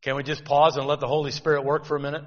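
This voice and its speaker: Male preacher, chatty sermon delivery full of rhetorical questions, slightly high voice, muffled recording. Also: little pitch movement, very fast, long reverb tail.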